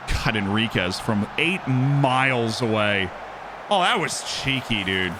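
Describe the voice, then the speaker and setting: A man streaming a game live, commenting on the play and answering chat in a joking, animated way. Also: mid-range voice, takes it slowly, heavy background noise.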